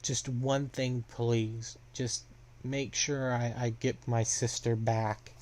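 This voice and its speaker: A man's voice: mid-range voice, little pitch movement, slow, darkish tone, slight background noise, close to an everyday voice. A man quoting a hotheaded young male hitman while retelling a story, blurting and agitated. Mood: earnest.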